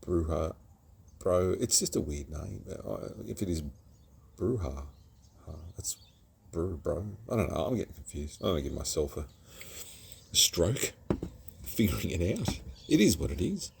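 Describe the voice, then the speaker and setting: A man's voice: sits low, lively intonation, normal speed, gravelly, a little hiss or hum. An Australian man reviewing a craft beer outdoors at home, chatty and self-mocking, rambling from one topic to the next. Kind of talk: casual rambling vlog.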